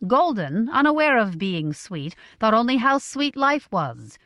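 Brief: woman audiobook narrator, expressive, animated pitch, dry close recording. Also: no echo. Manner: measured, expressive reading. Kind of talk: scripted narration.

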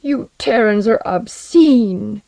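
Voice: mid-range voice, huge pitch swings, moderate pace, a little mellow, dry recording. A narrator voicing a sensitive young alien woman in an audiobook, shaky and easily brought to tears. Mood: tearful. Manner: shaky, tearful.

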